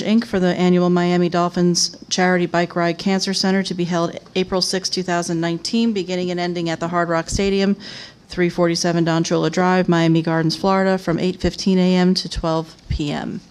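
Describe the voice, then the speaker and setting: A woman chairing a city commission meeting, reading agenda items and a formal proclamation aloud in a steady, even manner. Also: lowish voice, moderate pace, clear, resonant tone.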